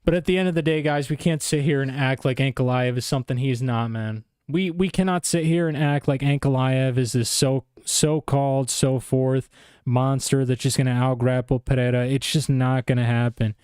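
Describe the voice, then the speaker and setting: A man's voice: medium pitch, steady tone, normal speed, a little mellow, clear, resonant tone, no room sound, studio quality. A young man ranting casually about fight cards, exasperated and incredulous, dropping "bro" often. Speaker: MMA commentator. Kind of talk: casual opinion rant.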